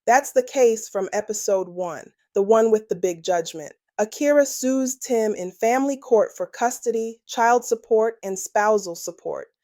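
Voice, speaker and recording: A woman's voice: on the high side, measured pace, few pauses, a little mellow, no echo, studio quality. A woman hosting a true-crime podcast, delivering scripted commentary with sassy, playful slang asides. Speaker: podcast host.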